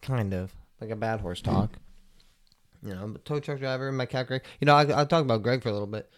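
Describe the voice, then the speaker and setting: A young man chats loosely on his own podcast, clearly high and in no hurry. His talk wanders, full of "like" and casual swearing. His voice sits at an ordinary pitch and comes through smooth and clean. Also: fairly quick. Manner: rambling, profane, laid-back, lots of "like" fillers. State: stoned. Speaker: podcast host. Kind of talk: casual solo podcast chat.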